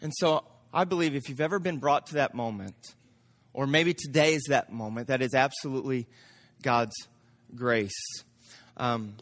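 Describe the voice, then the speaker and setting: A man preaching from the front of a church, his voice pitched high and ringing bright. He works himself up until he is loud and excited, stumbling over doubled words as he pushes ahead. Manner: excitable, gets loud and amped up; repeats words when he speeds up. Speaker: pastor. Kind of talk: sermon.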